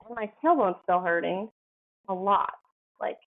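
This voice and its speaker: A woman's voice: mid-range voice, animated, unhurried. A woman guest telling her story casually, full of "like" and acted-out quotes. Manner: chatty, heavy use of "like", acts out quoted dialogue. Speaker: podcast guest. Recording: phone-like narrow band.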